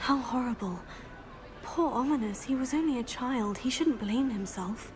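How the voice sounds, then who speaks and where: An actress playing an earnest, caring young female wizard student who speaks gently and sympathetically. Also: on the high side, lively intonation, normal speed, over music, natural voice.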